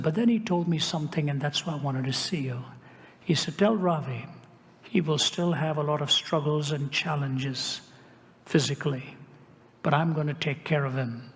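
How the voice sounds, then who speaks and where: Older man, sermon storytelling, somewhat high-pitched, hushed whispers, long hall reverb. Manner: dramatic shifts to a hushed whisper. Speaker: preacher.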